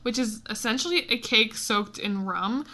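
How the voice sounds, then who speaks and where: A woman co-hosts a casual podcast in a bright, tense voice pitched a little high. She is chatty and playful and laughs often. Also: normal speed. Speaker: podcast co-host.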